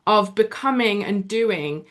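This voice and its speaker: A woman hosting an interview, asking long questions in a measured, drawn-out way with some fillers. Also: mid-range voice, expressive, a bit bright. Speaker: podcast host, interviewer.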